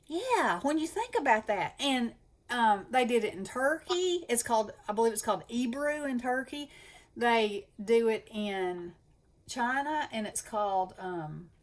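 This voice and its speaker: A woman's voice: on the high side, lively intonation, measured pace. A woman with a Southern US accent chatting enthusiastically as host of a craft channel. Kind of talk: casual chat.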